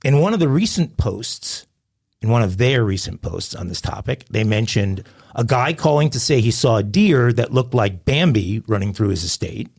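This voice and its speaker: A man's voice: medium pitch, lively intonation, normal speed, vocal fry, darkish tone. A middle-aged man co-hosting a crime-news podcast, recounting a story with wry jokes. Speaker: podcast co-host.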